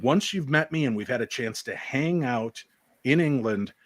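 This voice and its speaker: An American man chatting over a video call, an animated storyteller who jokes and slips into voices. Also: mid-range voice, moderate pace, no echo. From United States. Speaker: paranormal podcast host and guest. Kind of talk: casual video chat.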